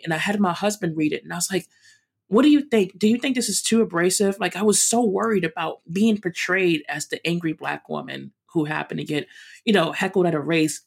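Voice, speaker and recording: A woman with a New York accent, a runner and chef, telling her story as an interview guest in an animated, emphatic way with quick restarts. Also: lowish voice, vocal fry, slightly rough. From New York City.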